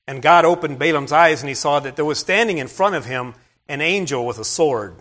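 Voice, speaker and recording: Male preacher, sermon, conversational storytelling, asides to listeners, somewhat higher-pitched voice. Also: moderate pace, pushed and bright. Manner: plain-spoken, conversational storytelling with asides to the congregation. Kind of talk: sermon retelling a scripture story.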